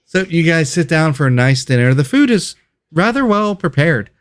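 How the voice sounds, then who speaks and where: A man narrating as game master of a tabletop game, relaxed and loose with fillers. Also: a little high, moderate pace, clear, resonant tone.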